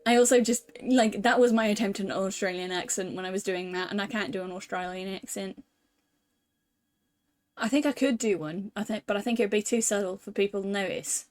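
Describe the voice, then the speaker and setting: A woman's voice: mid-range voice, fairly even intonation, moderate pace, long pauses, a little mellow. Woman, young adult, from the UK, streamer chat, self-deprecating, thinking aloud, faint music behind. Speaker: VTuber streamer. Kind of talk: casual stream chat while playing a visual novel.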